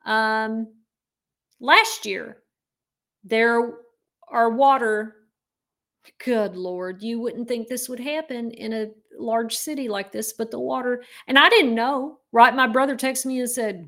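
A woman's voice: fairly high pitch, slow, fairly bright tone. A woman chatting casually on a podcast, talking through her points and laughing now and then.

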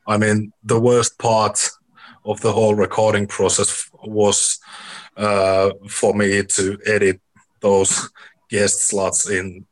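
Hesitant man, low-ish voice, slow monotone delivery, casual interview answers. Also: poor audio. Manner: hesitant, many ums, plain-spoken. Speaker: musician guest.

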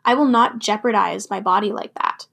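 A woman's voice: medium pitch, normal speed, creaky, fairly bright tone, husky. A woman hosting a personal talk about quitting alcohol, speaking emphatically and repeating firm affirmations. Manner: emphatic, repetitive affirmations, swears freely. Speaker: podcast host. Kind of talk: personal sobriety talk with spoken-word poem.

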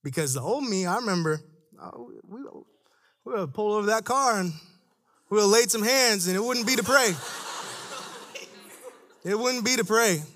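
A young man on a church's staff delivers a lively, conversational sermon, slipping into quiet asides and raising his voice for emphasis. He moves at a moderate pace and pauses frequently.

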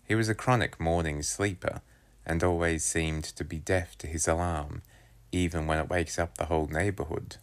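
A man reading a children's chapter book aloud, telling it in a lively first-person voice. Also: deep voice, normal speed. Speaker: storybook reader.

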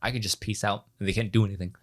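A man co-hosting a podcast, telling family stories in casual chat, with an animated, halting delivery full of restarts. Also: lowish voice. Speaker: podcast co-host.

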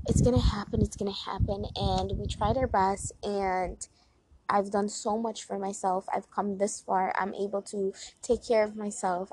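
A woman's voice: medium pitch, warm tone, low-quality recording. A woman talks through positive affirmations in a casual, chatty way, full of "like" fillers. She repeats each affirmation several times. Faint wind noise sits behind her voice. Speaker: host reading affirmations. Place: outdoors on a porch.

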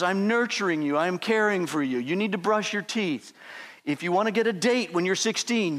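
A man's voice: high voice, fairly bright tone. A middle-aged man preaching a sermon, joking and self-deprecating, acting out the voices of the people in his stories. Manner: jokey, self-deprecating, acts out quoted voices. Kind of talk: sermon with humorous personal stories.

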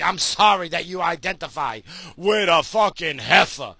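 A man's voice: high-pitched, measured pace, gravelly, bright, forceful tone, breathy edge, no echo. A middle-aged man ranting crudely in a profane solo monologue, recorded in his car while he drives. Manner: crude, heated and sweary, with frequent restarts. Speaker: solo podcaster.

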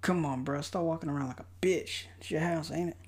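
A young man giving casual, profane commentary while watching a movie, mocking it and breaking into loud outbursts. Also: fairly high pitch, a little fast, slightly rough.

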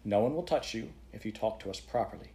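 A man voicing a patient older male court chairman who speaks gently but firmly, in measured phrases. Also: lowish voice, expressive. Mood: gentle.

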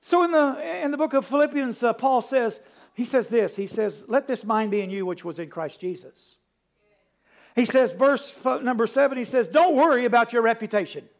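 A man preaching a folksy, humorous sermon, rambling into stories and dropping from loud emphasis to hushed asides. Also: extremely high pitch, expressive, normal speed, gravelly. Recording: dull lo-fi recording.

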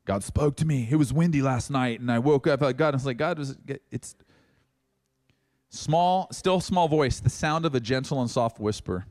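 A man preaching a sermon as pastor, reading scripture and acting out dialogue with animated emphasis. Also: medium pitch, normal speed.

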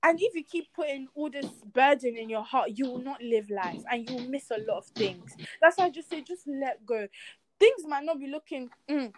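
A young woman from Nigeria, a guest in a casual interview, telling her story with lively quoted voices and earnest faith talk. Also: sits high, normal speed, slight background noise. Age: young adult.

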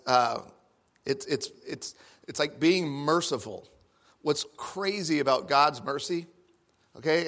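Animated man telling a funny sermon story. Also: a little high. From Texas. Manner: animated, acts out quotes with sudden loud bursts. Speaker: guest speaker.

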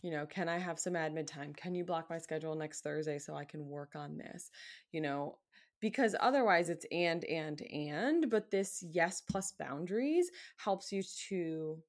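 A woman's voice: low voice, lively intonation, moderate pace. A woman hosting a solo podcast, talking casually and emphatically as a coach and acting out the requests she quotes.

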